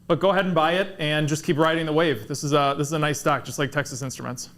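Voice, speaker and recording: A man's voice: on the high side, fairly even intonation, fast, fairly bright tone. A man analysing stocks for momentum trading on a livestream, explaining chart signals in plain casual terms.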